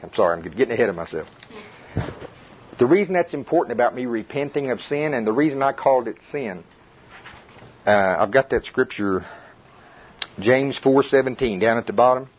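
A man's voice: mid-range voice, expressive, normal speed, pauses often, slightly rough. A man leading an informal Bible study for a small group indoors, talking in a folksy way with lots of repetition and restarts, and often checking with his listeners. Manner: folksy, repeats himself, restarts, questions the group. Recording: dull, lo-fi recording.

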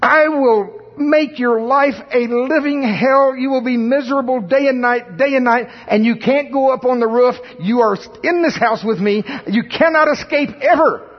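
A preacher doing a nagging shrewish woman in a high, drawn-out, menacing voice, husky edge, heard on a dull, lo-fi recording. The threat is slow and pointed. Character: his own flesh as a shrill nagging woman.

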